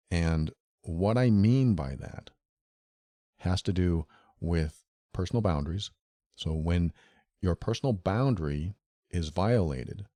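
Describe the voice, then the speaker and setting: In this solo podcast episode on relationships, the host, a man with a low, mellow voice, addresses the listener directly in an earnest, repetitive way, circling back to the same key phrases. The audio is close-miked and dry, without any echo.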